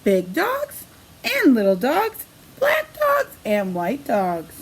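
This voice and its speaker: A woman preschool teacher reading a picture book aloud to young children in a sing-song storybook manner, pausing to ask the kids questions. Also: sits high, wildly swooping pitch.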